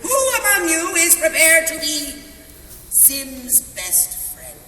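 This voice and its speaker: A man on a comedic convention panel, excitable and playful, always quick to joke. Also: extremely high pitch, a little hiss or hum. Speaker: voice actor panelist. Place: large convention hall. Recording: echoey convention hall from far, loud crowd.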